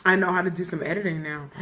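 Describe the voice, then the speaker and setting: A woman's voice: fairly low pitch, pushed and bright. A young woman co-hosting a live-streamed chat show, loose and joking, swearing freely and laughing often. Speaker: podcast co-host.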